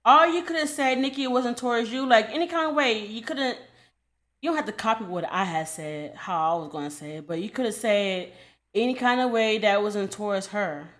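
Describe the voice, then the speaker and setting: A woman's voice: fairly high pitch, brisk. A young adult woman giving a casual commentary rant, blunt and profane, scolding and repeating herself to drive the point home. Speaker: commentary creator.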